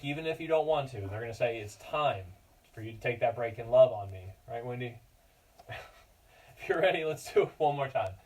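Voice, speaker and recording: A man's voice: fairly high pitch, a little mellow, distant mic, low-quality recording. A man teaching a yoga class for children, giving cues in an encouraging, playful way and chatting to his dog between poses. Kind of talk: guiding a kids yoga class.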